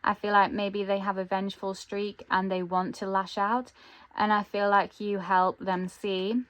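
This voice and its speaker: Woman, tarot reader, musing, thinks aloud, mid pitch. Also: flat delivery, measured pace, fairly bright tone. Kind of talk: intuitive tarot reading to camera.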